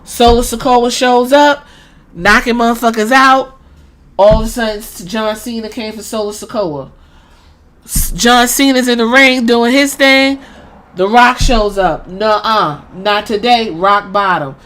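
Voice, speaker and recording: Animated, profane woman recapping a show. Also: a little high, a little slow. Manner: animated, profane, acts out moments with shouts. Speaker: podcast host. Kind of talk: casual wrestling recap.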